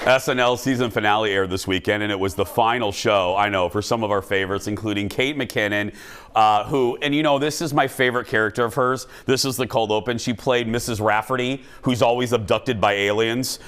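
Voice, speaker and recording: A man hosting a talk show, telling funny stories in an animated, self-mocking way. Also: on the low side, brisk, clear, resonant tone. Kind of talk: comic storytelling to a studio.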